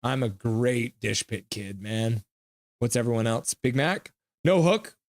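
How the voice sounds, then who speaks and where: A man's voice: mid-range voice, fairly even intonation, unhurried, no room sound, clean studio sound. A young man from Canada hosting a live stream, reading chat messages aloud and giving casual play-by-play of the game. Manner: reads chat messages aloud, chatty, jumps into game commentary.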